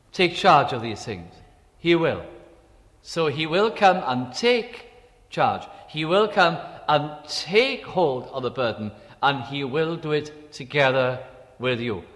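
A man preaching a sermon, slow and emphatic, repeating key phrases and dropping to quiet asides. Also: a little high, in a large hall.

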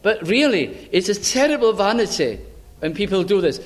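High-voiced man preaching a sermon. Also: very animated. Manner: earnest, deliberate, acts out quoted voices.

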